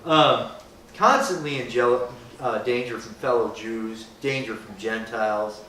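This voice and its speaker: A man's voice: medium pitch, measured pace, fairly bright tone. A man giving an informal, joking Bible talk to a group, often asking "right?" and acting out people's reactions. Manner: conversational, asks rhetorical questions, often adds "right?"; jokey, acts out people's reactions. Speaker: speaker leading a group. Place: echoey room with a group. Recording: roomy, distant, faint hiss.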